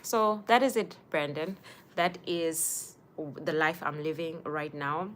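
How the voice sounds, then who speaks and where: Low-voiced woman, chatty livestream. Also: measured pace. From Zimbabwe. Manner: chatty, warmly greets viewers by name. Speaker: livestream host. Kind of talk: casual livestream chat.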